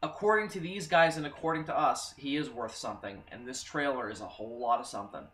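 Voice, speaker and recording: Excitable male fan reviewer, bright and fairly high, swears a lot, echoey room. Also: fast talker. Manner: excitable, swears freely, acts out his reactions. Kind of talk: excited casual commentary.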